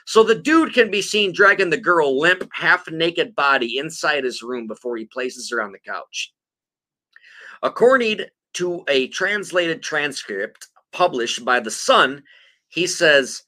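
A man's voice: a little high, animated, unhurried, bright, forceful tone. A man hosting a podcast, reading news aloud and swearing casually after a few beers. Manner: profane, joking, reads articles aloud. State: tipsy after several beers. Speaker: podcast co-host.

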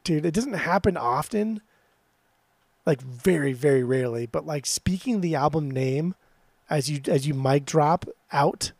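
Excitable male co-host, teasing and profane, slightly high voice, dry close mic. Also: unhurried, no room sound. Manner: teasing, excitable, swears freely. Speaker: podcast co-host. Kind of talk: casual music podcast chat.

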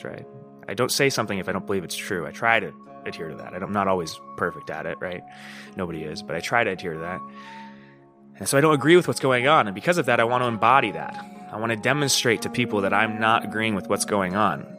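A man hosting a podcast, talking through a personal story in a candid, profane, rambling way, often asking "you know what I mean?". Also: on the low side. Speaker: podcast host. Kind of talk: casual monologue.

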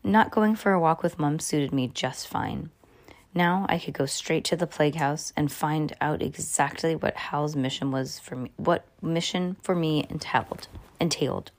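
A woman's voice: sits low, a little mellow. A woman reading a children's chapter book aloud at home, breaking off to comment and joke. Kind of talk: casual storytime read-aloud.

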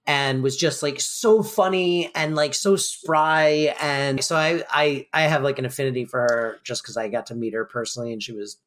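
A man co-hosting a podcast and talking through a sitcom episode. He rambles loosely and fills his speech with "like" and "um". His voice sits at a middling pitch. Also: steady tone, normal speed, hardly any pauses, fairly bright tone. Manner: loose and rambling, lots of fillers like "like" and "um". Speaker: podcast co-host. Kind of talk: casual chat recapping a sitcom episode.

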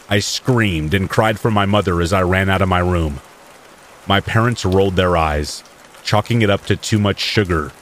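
A man calmly reading first-person horror stories aloud as a podcast storyteller. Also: low voice, a little hiss or hum. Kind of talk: scripted horror story narration. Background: steady rain.

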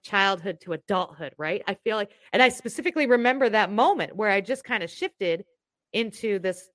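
A woman telling a rambling, animated story in casual chat as a podcast co-host. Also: medium pitch, no room sound, studio quality.

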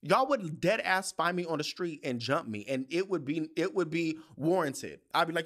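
A man's voice: fairly high pitch, lively intonation, normal speed, few pauses, a bit bright. A young adult man hosting a podcast, venting in a heated, profane and story-driven casual monologue. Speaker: podcast host.

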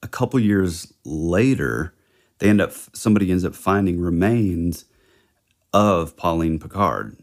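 A man's voice: low voice, unhurried. A man co-hosting a podcast, thinking aloud hesitantly in casual true-crime chat. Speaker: podcast co-host.

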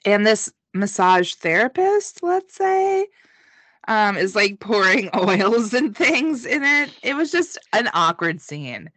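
Woman, podcast co-host, slow giggly delivery, swears, dry close sound. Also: medium pitch, big pitch swings, a bit bright, no room sound. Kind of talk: casual recap chat.

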